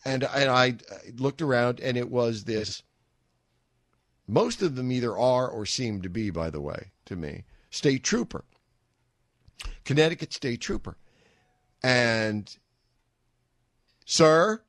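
Slow, wry male radio host. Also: medium pitch, lively intonation, no room sound, clean studio sound. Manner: rambling, wry storytelling. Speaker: radio talk show host. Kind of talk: talk radio monologue. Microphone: studio microphone.

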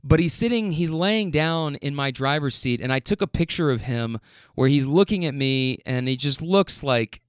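A man's voice: a little high, lively intonation, moderate pace, clear, resonant tone, dry recording, clean studio sound. A man casually telling a story, rambling with fillers, stammers and swearing.

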